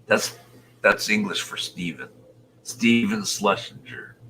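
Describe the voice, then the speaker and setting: A man in his sixties from Utah, a show host chatting casually with viewers, rambling and muttering soft half-whispered asides. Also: fairly low pitch, expressive, takes it slowly, vocal fry, a little hiss or hum. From Utah, USA. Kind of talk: casual livestream chat.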